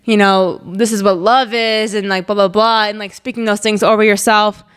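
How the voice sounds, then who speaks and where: Young woman, podcast host, casual chatty delivery, smooth clear voice, middle pitch. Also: fairly even intonation, normal speed, a bit bright. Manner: chatty, upbeat, lots of "like" and "um", laughs while telling stories. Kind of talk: casual faith-based podcast chat.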